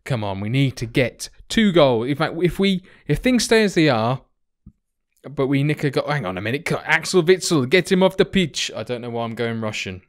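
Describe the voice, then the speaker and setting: Man, casual game commentator, smooth clear voice, chatty and excitable, mild swearing. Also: medium pitch, moderate pace. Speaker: let's play commentator.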